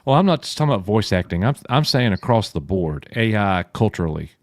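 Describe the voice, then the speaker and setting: Guy hosting a chill livestream, kinda low voice, opinionated, dry sound. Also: very animated, fast, no echo. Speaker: podcast host. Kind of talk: casual livestream chat.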